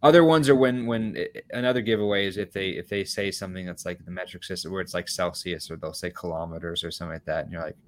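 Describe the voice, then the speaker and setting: Low-voiced American man hosting a chat. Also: quick pace, few pauses. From United States. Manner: curious, questioning, laughs easily. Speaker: podcast host. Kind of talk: casual podcast chat.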